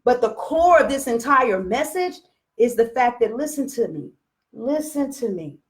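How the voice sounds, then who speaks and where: A woman business coach talking straight to her followers in a blunt, profane, preachy rant. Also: high-pitched. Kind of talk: unscripted live rant to followers.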